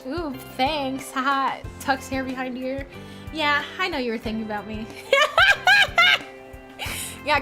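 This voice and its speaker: A young woman streamer chatting casually and playfully, reading out and answering her chat. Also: a little high. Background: background music.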